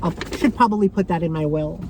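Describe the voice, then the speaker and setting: A young woman vlogging to camera, soft and halting with many pauses and fillers, emotional and close to tears. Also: on the low side, background noise. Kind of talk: personal vlog talking to camera.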